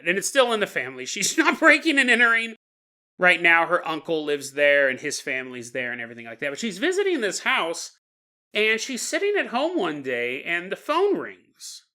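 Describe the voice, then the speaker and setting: Bright, lively-voiced podcast storyteller man. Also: sits high, moderate pace. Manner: casual, chuckling asides. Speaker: podcast host. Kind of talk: storytelling narration.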